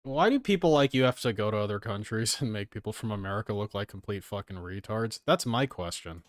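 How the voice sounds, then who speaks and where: A man's voice: on the low side, expressive, fairly quick, dry recording, studio quality. A man giving sarcastic, profane commentary on his stream as he reacts to a video.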